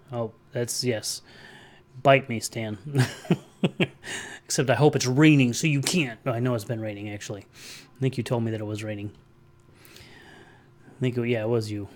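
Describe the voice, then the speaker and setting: A man's voice: medium pitch, moderate pace, long pauses. A man hosting a casual livestream, chatting in a rambling way and answering viewer comments aloud. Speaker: livestream host.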